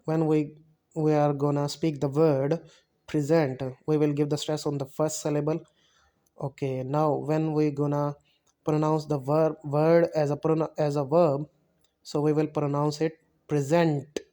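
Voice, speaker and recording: A man teaching a spoken English lecture over slides, halting and often correcting himself as he explains. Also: on the high side, level tone, warm tone. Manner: halting, self-correcting, repeats words while explaining.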